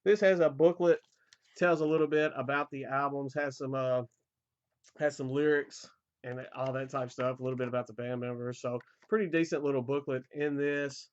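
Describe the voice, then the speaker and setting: A man in a casual album collection vlog, rambling with fillers, his voice going hoarse. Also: mid-range voice, normal speed, highs cut off. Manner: relaxed, rambling, frequent fillers and repeated starts. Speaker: metal collector vlogger.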